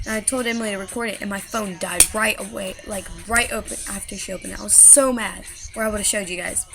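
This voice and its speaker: A woman vlogger telling a story to the camera in a chatty, quick way. She breaks off with laughing asides. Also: mid-range voice, fairly even intonation, gravelly, over music.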